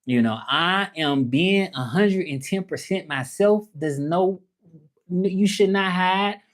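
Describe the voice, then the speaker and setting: A man's voice: sits high, slow pace. Chatty man with a Southern accent. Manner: chatty, repetitive, talks straight to viewers. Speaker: livestreamer and language teacher. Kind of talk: casual livestream chat reading comments.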